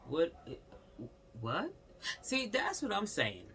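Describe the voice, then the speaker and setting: A man's voice: mid-range voice, sing-song, measured pace, gravelly, pushed and bright. A man giving casual, rambling political commentary as a vlogger, repeating himself and talking straight at the person he's discussing. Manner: rambling, repetitive, exclamatory, talks straight to the subject.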